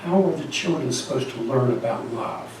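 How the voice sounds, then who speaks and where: A man's voice: medium pitch, normal speed, a little mellow, a little hiss or hum. A man preaching a sermon, telling a story and asking the congregation questions. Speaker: pastor. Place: church sanctuary. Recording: echoey church hall from far off.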